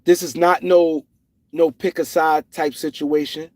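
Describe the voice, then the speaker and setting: On a dry recording, a middle-aged livestream host tells stories in an animated, casual way, full of repeats and restarts. He speaks at a measured pace in a slightly high voice.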